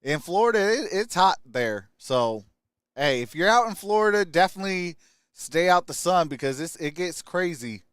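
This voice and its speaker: A young adult man from Michigan hosting a casual sports live stream, greeting chat viewers by name with upbeat shout-outs. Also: high voice, lively intonation, normal speed, clean tone, no room sound, clean studio sound.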